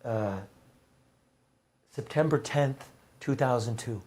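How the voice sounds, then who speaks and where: Husky middle-aged man telling stories. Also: medium pitch, slow, darkish tone. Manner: rambling, heartfelt, with restarts and bursts of emphasis. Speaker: guest, former newspaper reporter. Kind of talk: conversational storytelling.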